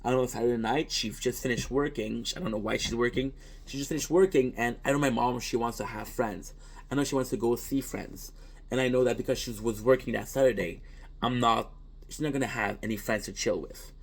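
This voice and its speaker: A man of middling pitch, a native French speaker, talks straight to his audience as a streamer in a casual, reflective monologue. He is earnest and rambling, circles back with restarts and drops casual swear words. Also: a little fast, creaky. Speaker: content creator and streamer.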